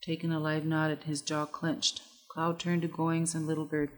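A woman narrating an audiobook with measured, even pacing. Her voice sits a little low for a woman. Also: rough recording.

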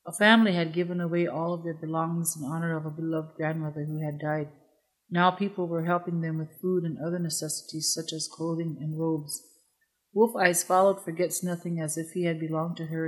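A narrator reading a storybook aloud in an even, unhurried way. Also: mid-range voice, low-quality recording.

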